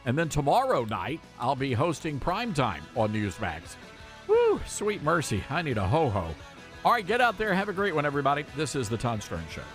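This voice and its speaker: A man's voice: on the high side, wildly swooping pitch, brisk, music in the background. A man hosting a talk radio show, speaking in an emphatic, folksy way.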